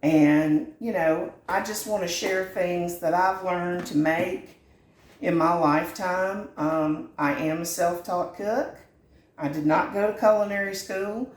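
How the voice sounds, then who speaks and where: A woman's voice: on the low side, steady tone, takes it slowly, echoey room. A middle-aged woman, hosting a home cooking channel in a folksy, earnest and sentimental chat from her kitchen. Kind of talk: heartfelt direct-to-camera chat.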